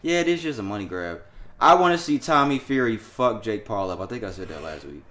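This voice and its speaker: Animated, laughing male podcast host. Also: a little fast. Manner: animated, laughing, profane banter with sudden jumps in pitch and volume. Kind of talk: casual chat.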